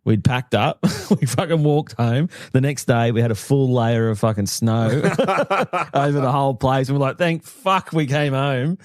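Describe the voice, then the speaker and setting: An Australian man with a slightly low voice ribs his co-host and tells his own story, swearing and laughing as he goes. The sound is dry and close on a podcast mic. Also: expressive, moderate pace, darkish tone, no room sound. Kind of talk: casual storytelling chat.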